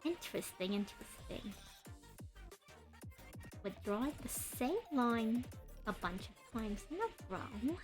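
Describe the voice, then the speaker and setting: A high-voiced woman, a streamer and artist, chats and rambles expressively during a casual live stream while drawing, greeting chat members by name. She deliberately adopts a particular speaking voice and cadence, and faint music plays behind her.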